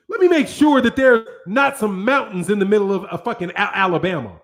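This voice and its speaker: High-voiced American man ranting profanely. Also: fairly quick, few pauses, a bit bright. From United States. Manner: profane, slangy, rambling rant. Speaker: boxing channel host. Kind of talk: casual ranting commentary.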